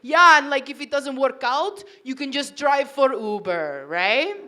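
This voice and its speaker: Woman doing her Italian chef husband, Italian accent, deadpan and blunt, sharp tone. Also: high voice, a little slow, exaggerated voice. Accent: Italian, put on.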